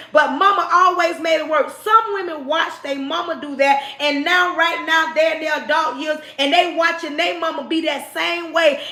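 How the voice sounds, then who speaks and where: A woman hosting a livestream, giving relationship advice in an emphatic, scolding, preachy way that often rises to shouting. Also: very high-pitched. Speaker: livestream host. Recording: roomy echo.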